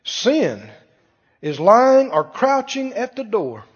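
A man preaching a sermon, animated and full of rhetorical questions to the congregation. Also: very high-pitched, slow pace, slightly rough. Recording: muffled sound with long hall reverb.

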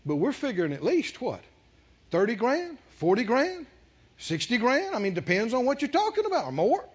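Man, preacher, very high voice, husky, animated sermon, dull lo-fi recording. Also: moderate pace. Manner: animated, calls out to the congregation, laughs while telling. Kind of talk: sermon with storytelling.

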